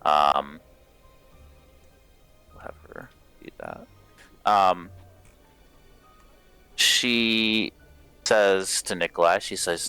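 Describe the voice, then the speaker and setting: A man's voice: low voice, steady tone, slow pace, pauses often, bright, forceful tone, clear, resonant tone, faint music behind. A man narrating as game master of a tabletop game, in a casual, rambling way with many fillers.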